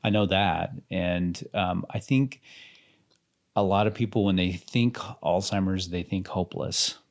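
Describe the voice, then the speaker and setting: Deep-voiced male podcast host. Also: a little slow. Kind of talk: interview chat.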